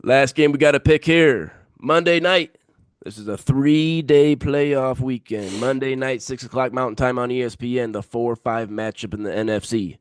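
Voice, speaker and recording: A man's voice: mid-range voice, normal speed, clean tone, no echo, studio quality. A man co-hosting a sports podcast in casual banter, emphatic and repeating his picks for effect.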